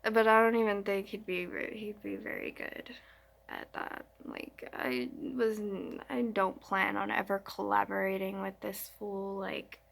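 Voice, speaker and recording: A woman's voice: medium pitch, unhurried, vocal fry, a bit bright. A young woman vlogger telling a story in a slangy, rambling, frank way. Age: young adult. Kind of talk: casual storytime chat.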